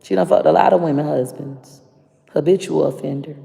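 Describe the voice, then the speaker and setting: Gravelly, blunt Florida woman. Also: low voice, brisk, dark tone, slight background noise. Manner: blunt, profane, confrontational. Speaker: vlogger. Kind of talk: casual rant to camera. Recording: long reverb.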